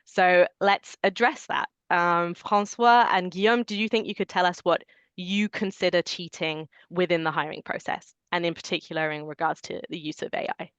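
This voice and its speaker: Low-voiced woman moderating a webinar. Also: fairly even intonation, normal speed, a bit bright, smooth, no room sound. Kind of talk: scripted webinar hosting.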